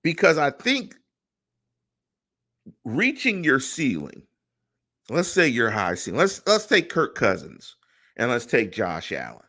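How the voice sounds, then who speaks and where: A middle-aged man runs a solo sports podcast in a mid-pitched voice. His intonation rises and falls a lot, and he keeps turning his points into rhetorical questions for the audience. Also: slow, long pauses. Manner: animated, rhetorical questions to listeners. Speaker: podcast host.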